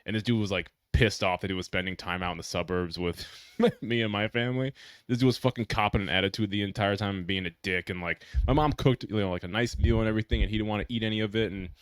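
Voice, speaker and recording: A man's voice: on the low side, fast, no echo. A young man co-hosting a podcast, chatting in a laid-back way and swearing casually. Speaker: podcast co-host. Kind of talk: casual chat.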